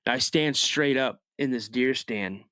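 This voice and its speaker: A man tells a story as a podcast guest, in a relaxed, chatty way and at a middling pitch. He pushes his voice up high and loud to act out moments of panic. The sound is close and dry, with no room echo. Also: a little slow. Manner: animated storyteller, rises sharply when acting out his younger self shouting; frequent restarts and "you know" asides. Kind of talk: casual first-person storytelling.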